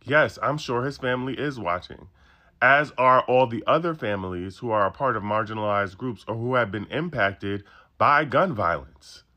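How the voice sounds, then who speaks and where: A man's voice: mid-range voice, expressive, normal speed, bright, forceful tone. A man delivering a pointed opinion monologue as a commentator. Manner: pointed, argumentative.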